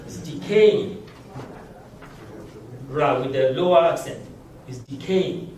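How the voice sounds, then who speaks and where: A man teaches a language class, in a fairly high voice and at a slow, patient pace. He chuckles often as he explains. His voice rings through a very echoey classroom and is picked up from a distance, with faint noise behind. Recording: very echoey room, mic far off.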